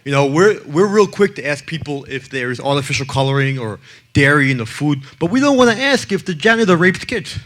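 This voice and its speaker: Fairly high-pitched and bright, this man's voice moves briskly with lively intonation. He addresses an audience as a child abuse prevention advocate, blunt and brash, telling joking stories and acting out their characters.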